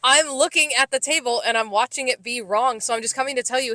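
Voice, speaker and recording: A woman's voice: a little high, quick pace, hardly any pauses, sharp tone, dry recording. A woman co-hosting a casual podcast, laughing along and chiming in with blunt, profane remarks. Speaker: podcast co-host, restaurant server.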